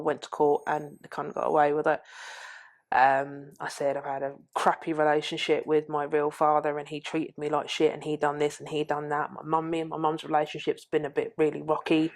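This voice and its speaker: Frank, low-voiced woman. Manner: candid, blunt, swears freely. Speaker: podcast guest. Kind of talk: frank personal storytelling.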